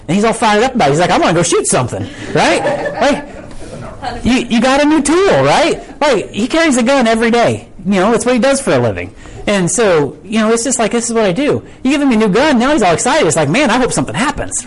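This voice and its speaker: A man's voice: a little high, low-quality recording. A man preaching a casual sermon, conversational and full of rhetorical questions. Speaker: pastor.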